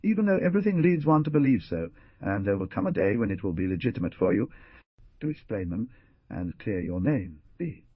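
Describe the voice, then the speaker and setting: A man doing a calm, earnest frontiersman. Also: on the low side, husky, dry recording, muffled recording. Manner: measured, earnest persuasion.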